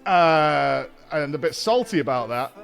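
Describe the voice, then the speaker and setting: A man's voice: fairly high pitch, lively intonation, measured pace, gravelly, a bit bright, faint music behind. A man streaming casually, ranting and swearing with sardonic humor and laughing at himself.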